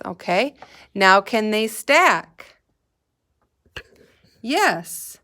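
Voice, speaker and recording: A female kindergarten teacher talks through a recorded math lesson at a gentle, unhurried pace. She prompts the children to say words back to her in a patient, encouraging way. Her voice sits at an ordinary middle pitch. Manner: slow, patient, sing-song prompting for children to repeat.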